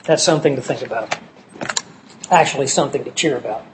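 A man preaching a sermon, slowing down to stress key words as he lists scripture passages. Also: mid-range voice, background noise. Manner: slow and emphatic on key words, citing scripture verses.

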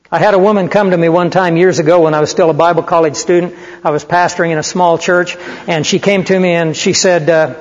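An older man preaching a sermon, telling stories in an animated, conversational way. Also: high-pitched, moderate pace. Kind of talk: sermon with storytelling. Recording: muffled hall recording with long reverb.

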